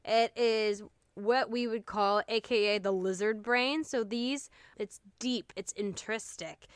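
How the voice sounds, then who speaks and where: A woman's voice: mid-range voice, steady tone, slow pace, clear, resonant tone, dry recording, studio quality. A woman co-hosting a casual comedy podcast, playful and jokey, laughing often and swearing freely. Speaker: podcast co-host.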